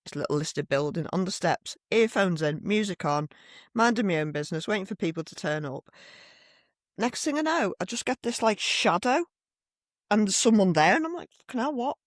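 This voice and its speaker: A middle-aged woman, co-hosting a podcast and telling stories in a blunt, animated way with plenty of swearing. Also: mid-range voice, moderate pace, no room sound, studio quality. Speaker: podcast co-host. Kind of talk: casual chat. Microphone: desk microphone.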